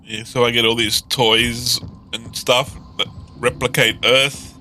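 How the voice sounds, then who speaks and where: Goofy streamer, bright voice. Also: male voice, medium pitch, flat delivery, slow pace, slight background noise. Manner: goofy, silly and chatty. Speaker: game streamer. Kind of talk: casual game commentary. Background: game music.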